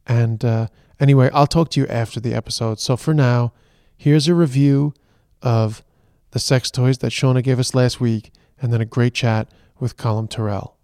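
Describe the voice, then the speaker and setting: A man's voice: medium pitch, fairly even intonation, moderate pace, hardly any pauses, a little mellow, dry recording. An Irish man co-hosting a podcast in casual chat, talking in loose, restarting phrases. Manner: chatty, restarts phrases often. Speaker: podcast co-host. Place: moving car. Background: traffic and train noise.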